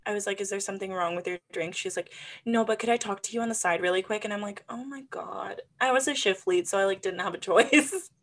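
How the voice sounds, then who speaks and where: A young adult woman co-hosting a podcast, telling a story in a casual, animated way and acting out the people in it, with many "like" fillers. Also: medium pitch, fast. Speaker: podcast co-host.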